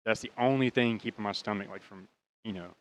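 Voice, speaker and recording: A man's voice: lowish voice, a little fast. An American man in his thirties casually telling a rambling, profane story and laughing at his own bad luck. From United States. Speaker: podcast host.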